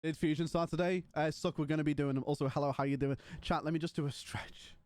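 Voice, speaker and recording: A man's voice: a little high, steady tone, fast talker, darkish tone. A young man streaming live and chatting casually with his viewers, rambling and joking with some swearing.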